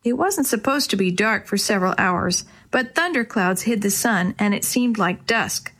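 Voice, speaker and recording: With a mid-range voice at normal speed, a woman reads a children's story aloud, making it expressive and animated.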